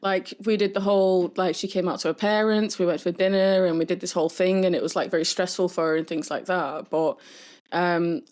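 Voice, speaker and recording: A young woman telling stories in a casual podcast chat, full of fillers and high-pitched mimicry. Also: fairly even intonation, a little fast, a little mellow. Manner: chatty storyteller with many fillers, mimics people in a high voice. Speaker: podcast co-host.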